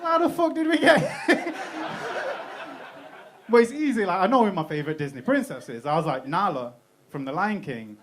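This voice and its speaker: A man's voice: high voice, sing-song, a little fast, a faint crowd, a little hiss or hum. A young British man performing a stand-up comedy set in a club, talking casually, swearing freely and laughing at his own jokes. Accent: British English.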